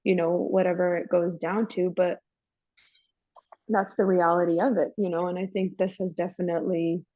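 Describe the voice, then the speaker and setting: Woman guest talking candid and emphatic, dark mellow voice, kinda lo-fi dry audio. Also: lowish voice, flat delivery, moderate pace, dry recording. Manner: emphatic, chatty, calls listener "girl". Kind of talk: candid personal storytelling. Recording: dull lo-fi dry sound.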